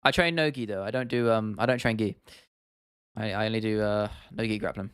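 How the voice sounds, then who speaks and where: A man's voice: lowish voice, fairly quick, smooth, no echo, studio quality. A man, hosting a casual livestream and chatting loosely as he answers questions from viewers. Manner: relaxed, chatty, answers chat questions with laughs. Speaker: livestream host.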